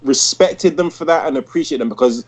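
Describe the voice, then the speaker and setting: A man in his thirties hosts a casual podcast review chat, rambling enthusiastically through many restarts and repeated "likes." His voice is on the high side and a little fast. A crowd can be heard in the background.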